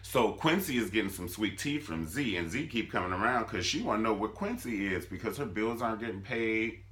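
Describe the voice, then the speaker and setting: A man giving a sassy, animated comedic recap of a TV drama, swooping between squeals and low mutters. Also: a little fast. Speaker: vlogger reviewing a TV drama.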